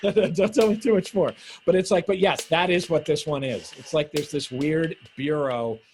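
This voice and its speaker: A man's voice: on the high side, normal speed, a little hiss or hum. A man in casual conversation, telling stories animatedly and acting out the people he quotes. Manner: animated storyteller, acts out quoted voices. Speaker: co-host. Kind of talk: casual conversation over video call. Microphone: phone or video call. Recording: video call audio with music behind.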